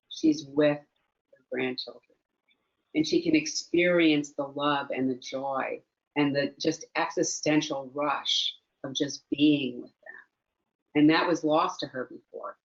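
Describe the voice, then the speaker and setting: Earnest reflective woman on a dull call. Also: sits low. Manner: earnest, reflective, repeats phrases for emphasis. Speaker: mindfulness teacher, guest. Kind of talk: relaxed conversational interview.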